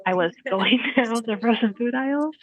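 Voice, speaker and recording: A middle-aged woman co-hosting a casual podcast chat, telling lively stories and laughing often. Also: fairly high pitch, moderate pace, highs cut off. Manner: animated storyteller, laughs often. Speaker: podcast co-host.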